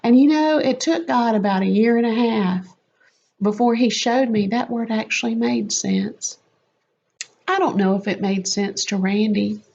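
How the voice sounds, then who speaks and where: A woman telling a lively, self-mocking personal faith story as a testimony. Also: fairly high pitch, vocal fry. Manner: animated, quick and self-mocking. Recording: slightly muffled lo-fi audio.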